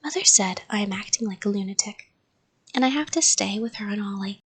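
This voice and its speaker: A woman reading a children's story aloud in a soft, half-whispered bedtime voice. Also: mid-range voice, brisk, slightly rough.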